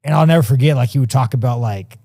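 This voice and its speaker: Dude in his 30s rambling about stuff, swears nonstop, mellow dark voice, dry close sound. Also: medium pitch, fast talker, creaky, no echo. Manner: profane, rambling storytelling. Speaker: podcast guest. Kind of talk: casual chat.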